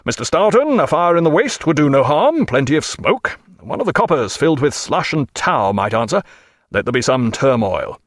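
A man's voice: a little high, very animated, normal speed, dry recording, clean studio sound. A man voicing a commanding naval captain who barks orders in battle. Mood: brisk command. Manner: barking orders.

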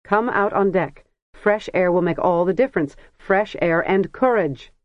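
A woman's voice: fairly low pitch, no echo, highs cut off, close to an everyday voice. A narrator voicing a blunt, bossy older mother who scolds in a dry, close recording. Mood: scolding. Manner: brisk, scolding.

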